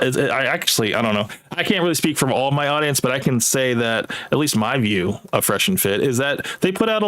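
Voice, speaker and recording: Steady man making his case. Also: mid-range voice. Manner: steady, argumentative, hedges with "you know". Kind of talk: heated debate.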